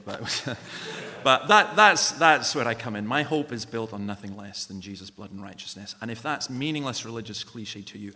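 A man's voice: on the low side, bright, forceful tone. A man giving an earnest, personal evangelistic talk in a church. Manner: earnest, personal, conversational testimony. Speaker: guest speaker and author. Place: large church. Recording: long church reverb.

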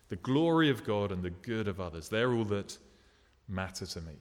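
Earnest low-voiced male preacher in a reverberant hall. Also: expressive. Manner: earnest, unhurried, paints vivid scenes, drops soft at tender moments. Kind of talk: sermon.

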